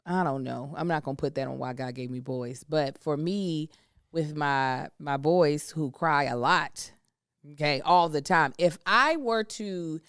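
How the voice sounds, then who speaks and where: A woman's voice: low voice, unhurried, smooth, no room sound, clean studio sound. A woman in her thirties co-hosting a podcast, chatting candidly and emphatically about parenting. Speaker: podcast co-host. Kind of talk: casual chat.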